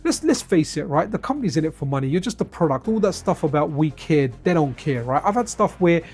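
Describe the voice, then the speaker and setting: A man's voice: on the high side, expressive, a little fast, darkish tone, faint music behind. A man chatting casually to his viewers on a live stream while playing retro games, wandering off into side stories and addressing chat by name.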